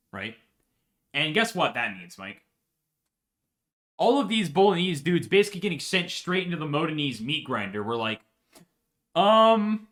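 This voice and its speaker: A man's voice: fairly high pitch, bright, forceful tone. A man telling a history story for laughs in a profane, rambling way, often checking in with "right?". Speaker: podcast host.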